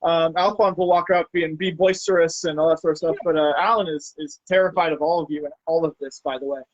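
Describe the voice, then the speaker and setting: A man's voice: a little high, steady tone, fast, dry recording, highs cut off. A man hosting a casual chat, talking hesitantly with many fillers and laughing easily. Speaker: podcast host.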